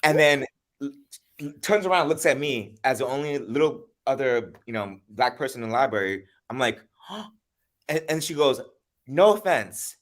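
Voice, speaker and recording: A man hosting a casual video-call chat, telling stories in an animated way and acting out the people in them. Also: medium pitch, fairly quick. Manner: animated, acts out quoted voices with laughs. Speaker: host. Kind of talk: casual conversational storytelling.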